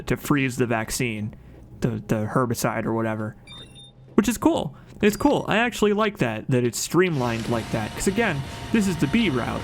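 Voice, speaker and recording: A man giving casual, chatty commentary over his own gameplay, excited at times and often stopping to correct himself with a joke. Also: mid-range voice, gravelly. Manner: chatty, enthusiastic, jokes and corrects himself mid-sentence. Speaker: let's play commentator.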